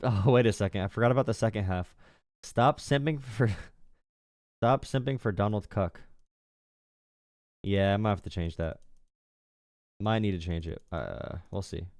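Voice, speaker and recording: A man's voice: on the low side, a little mellow, clear, resonant tone, no echo, studio quality. A young man hosting a political livestream, talking casually with a sarcastic, mocking tone and frequent laughs. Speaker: political streamer and call-in show host.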